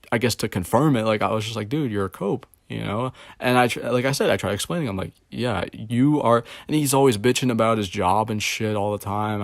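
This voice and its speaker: Low-voiced man ranting casually, dry sound. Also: no echo. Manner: rambling, swears often, many fillers; confused, exasperated. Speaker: video blogger. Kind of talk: casual rant to camera.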